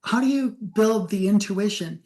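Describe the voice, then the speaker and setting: This man is the host of an interview show. He asks long, rambling questions and keeps pausing to clear his throat. He sounds conversational and unhurried. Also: high voice, expressive, a little mellow.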